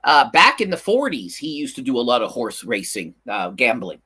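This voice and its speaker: Animated, bright-voiced male co-host. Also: mid-range voice, moderate pace, breathy edge. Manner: animated storytelling with many restarts. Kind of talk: casual chat.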